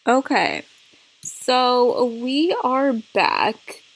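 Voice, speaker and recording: A woman's voice: fairly high pitch, very animated, extremely slow, husky, rough recording. A young woman, a gaming channel host, rambling through casual gameplay commentary with lots of fillers, talking around a rubber band from her braces. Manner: chatty, rambling, many "like" and "um" fillers.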